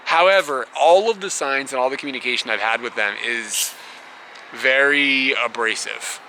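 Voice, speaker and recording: A man's voice: mid-range voice, moderate pace, sharp tone, a little hiss or hum, poor audio. A young man talking casually to camera in a small guest house bedroom, rambling and bemused, laughing often and swearing now and then. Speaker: travel vlogger. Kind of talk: casual vlog talk to camera.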